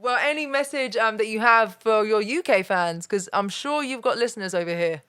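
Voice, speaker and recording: A woman's voice: fairly high pitch, normal speed, a bit bright, clear, resonant tone. A woman hosting an interview, chatty and full of compliments for her guest. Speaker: interview host. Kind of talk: casual interview chat.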